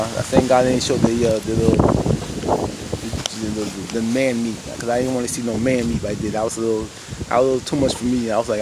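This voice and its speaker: A man's voice: medium pitch, fairly even intonation, brisk, background noise. Rambling man recapping with heavy fillers. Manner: rambling, many "you know" fillers, addresses viewers as "y'all". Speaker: TV show reviewer. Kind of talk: casual episode recap.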